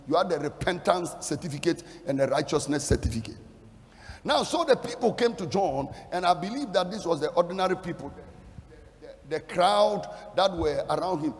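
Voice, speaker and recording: A man delivering a fiery sermon, his high voice swooping widely as he stresses each point. He builds from low, measured lines into shouted declarations. The long reverb of a large hall trails after every phrase. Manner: emphatic, rising into shouted declarations. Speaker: preacher.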